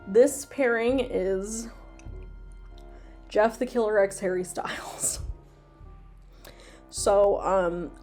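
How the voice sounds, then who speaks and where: A woman's voice: medium pitch, extremely slow, pauses often, a little mellow, soft background music. A young woman hosting a casual, comedic video, rambling with lots of ums and ironic asides. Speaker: video host reading fan fiction.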